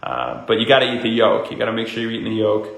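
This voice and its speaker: A man, hosting a casual wellness livestream, greeting viewers by name and giving fast, upbeat health tips. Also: on the low side, big pitch swings, vocal fry, a bit bright. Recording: echoey room.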